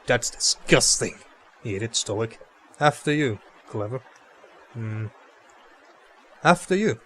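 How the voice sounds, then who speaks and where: A man with a medium-pitched, somewhat bright voice speaks slowly as he hosts a let's play, reading game text aloud and chatting casually. He often stumbles over words and swears freely, with a faint hiss or hum in the recording.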